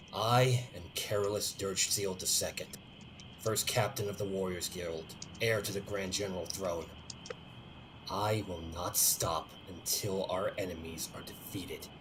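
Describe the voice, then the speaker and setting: A man's voice: low-pitched, background noise. A man playing a grave young male paladin who speaks earnest, solemn vows. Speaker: player.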